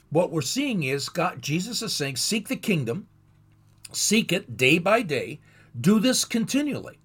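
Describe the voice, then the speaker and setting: A man teaching a Bible lesson in a thoughtful, explanatory way, pausing and restarting as he goes. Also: a little high, breathy edge.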